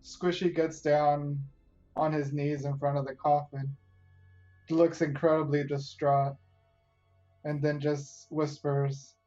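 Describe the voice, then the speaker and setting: A man player narrates his character's moves in a somewhat high but flat voice. His mic sounds dull and lo-fi. Faint music plays under him. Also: takes it slowly. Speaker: tabletop game player. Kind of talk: describing actions in a tabletop game.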